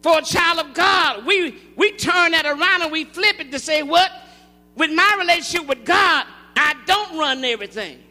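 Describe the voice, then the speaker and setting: A man preaching a call-and-response sermon to his congregation, building into shouted, rhythmic cadences. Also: very high voice, lively intonation, moderate pace. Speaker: pastor. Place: large church sanctuary. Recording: long hall reverb.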